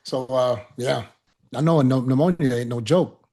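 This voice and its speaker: A man telling a long personal story in casual podcast chat, animated and profane, often laughing. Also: medium pitch, normal speed.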